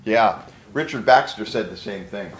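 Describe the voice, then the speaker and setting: A man's voice: on the low side, moderate pace, echoey room, slight background noise, low-quality recording. A man preaching a sermon to a room of pastors, emphatic and conversational, with repeated words for stress.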